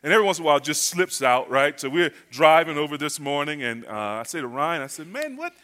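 Bright, high-voiced joking preacher man. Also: fast. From North Carolina. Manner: folksy, joking, chatty. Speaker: guest pastor. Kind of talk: sermon with humorous storytelling. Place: church.

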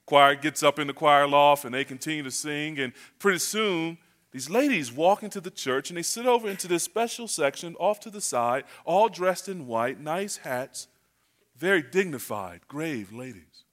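Bright, high-voiced joking preacher man. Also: animated, normal speed. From North Carolina. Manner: folksy, joking, chatty. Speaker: guest pastor. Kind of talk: sermon with humorous storytelling. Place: church.

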